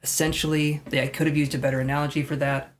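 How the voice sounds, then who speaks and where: A man with a slightly high voice hosts a live tarot stream. He rambles, thinks aloud and pokes fun at himself while reading cards for his viewers. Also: flat delivery, fast, a little hiss or hum. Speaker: tarot reader.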